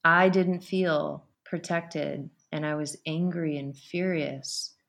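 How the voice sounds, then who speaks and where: Low-pitched woman spilling a personal story, animated and emotional. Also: takes it slowly, gravelly. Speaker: podcast guest.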